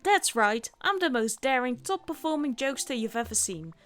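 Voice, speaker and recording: A woman voicing a brash, excitable little one-eyed male monster who talks loudly and dramatically. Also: high-pitched, moderate pace, faint music behind. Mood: defiant. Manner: loud, boastful, dramatic outbursts.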